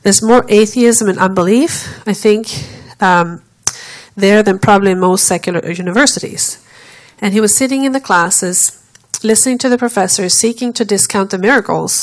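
A woman preacher unfolds a story from the pulpit, narrating at a steady, even pace. She slips into the voices of the people in her tale whenever she quotes them, then returns to plain telling. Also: medium pitch, poor audio. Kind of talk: sermon storytelling.

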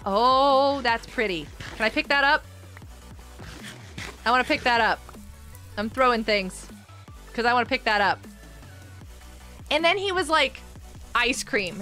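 Bubbly high-voiced woman streamer. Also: pushed and bright. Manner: bubbly, giggly, chatty, reading chat aloud. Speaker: streamer hosting a game server. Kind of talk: casual live-stream chat with viewers.

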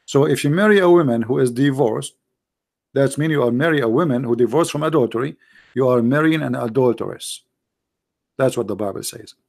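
A man's voice: mid-range voice, fairly quick, creaky, a little mellow. A man giving sarcastic, argumentative commentary in broken English grammar. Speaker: religious debater. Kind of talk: mocking commentary.

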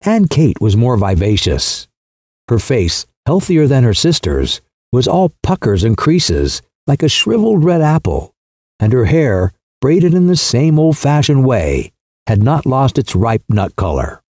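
A man reads a classic short story aloud in a mellow, slightly husky voice. His intonation moves with lively rises and falls, and the sound is close and dry. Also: a little slow, no room sound. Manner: voices characters with pitch shifts. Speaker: audiobook narrator. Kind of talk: literary audiobook narration.

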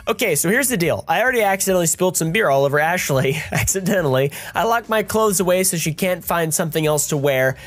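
A man's voice: high-pitched, lively intonation, quick pace, few pauses, a bit bright. Scheming young sister, as a man reads her lines. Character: scheming young woman, the bullied sister plotting a prank.

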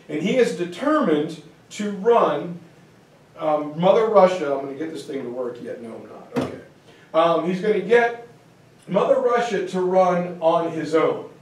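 A history teacher with a high voice gives a lively, joking classroom lecture. He sounds far from the mic, and the room adds heavy echo. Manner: lively and joking, acts out quotes.

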